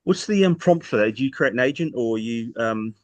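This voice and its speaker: A mid-pitched man joins a mentoring group over a video call. He asks his questions in a hesitant, tentative way, searching for his words. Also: lively intonation, brisk.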